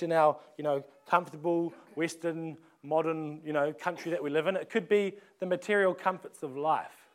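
A man, preaching a sermon in a conversational way, often restarting phrases and asking rhetorical questions. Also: high-pitched. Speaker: pastor.

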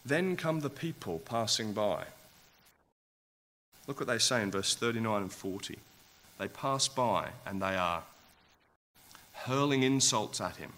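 A man's voice: fairly low pitch, animated, unhurried, pauses often, a bit bright. A man preaching a sermon, asking his listeners rhetorical questions and growing impassioned.

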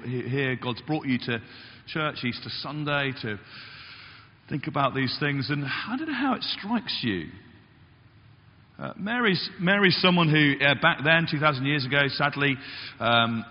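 A male pastor delivers a sermon with a lively, swooping delivery, sometimes acting out the voices he quotes. The sound is slightly dull and carries a long church reverb. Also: a little hiss or hum. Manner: animated, acts out quotes with big pitch jumps. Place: church hall.

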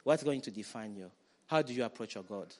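A man preaching a sermon, animated, acting out quoted voices and building to loud declarations. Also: fairly low pitch, fairly quick. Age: adult parent.

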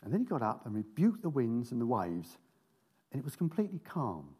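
Husky-voiced male preacher, lively and wry, reads scripture with playful asides. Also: medium pitch, brisk. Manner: animated, jokey asides while reading scripture. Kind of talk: sermon with Bible reading.

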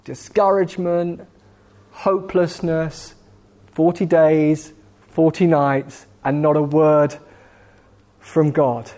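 A man preaching a sermon in a slow, measured way with dramatic pauses, gently voicing God's questions. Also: fairly high pitch, flat delivery. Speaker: pastor.

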